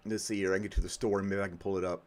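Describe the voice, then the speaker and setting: A man's voice: low voice, flat delivery, racing. A man hosting a podcast in casual chat, often breaking into laughter. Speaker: podcast host.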